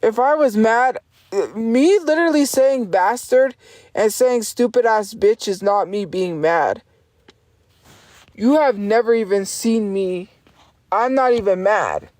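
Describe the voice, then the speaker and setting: A woman's voice: fairly high pitch, slow, a little mellow, no echo. A woman livestreamer ranting at her chat in a profane, insistent and defiant way, repeating her points over and over.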